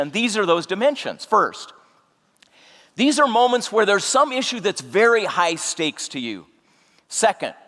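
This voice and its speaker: Deliberate middle-aged man in a reverberant hall. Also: high voice, fairly bright tone. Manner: measured, deliberate storytelling with emphatic pauses. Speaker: keynote speaker. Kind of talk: inspirational stage talk.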